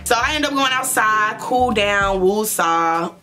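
A young woman vlogger telling a storytime in a blunt, profane, animated way, laughing often. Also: mid-range voice, takes it slowly, soft background music. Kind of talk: storytime chat.

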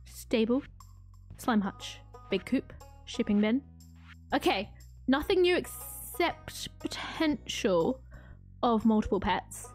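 Brief: excitable woman streamer, high voice, slow chatty delivery, giggles often. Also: faint music behind. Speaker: game streamer. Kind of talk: live gameplay commentary.

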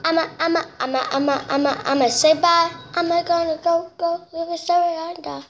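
A young woman giving chatty, excitable gameplay commentary, nervous and talkative, recorded on a phone. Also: very high-pitched, moderate pace, dull audio, a little hiss or hum. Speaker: gamer. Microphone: phone screen-recorder mic.

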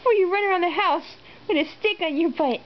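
A woman's voice: very high voice, fairly quick, slight background noise. A woman filming her cat at home, talking to it in sing-song baby talk and meowing at it, on a dull, lo-fi home video. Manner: sing-song, playful, meows and woofs at the cat. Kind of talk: cooing baby talk to a pet.

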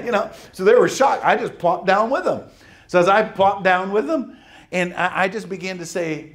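This high-voiced preacher reads from the Bible and tells a lively personal testimony, laughing quickly here and there and adding emphatic comments along the way.

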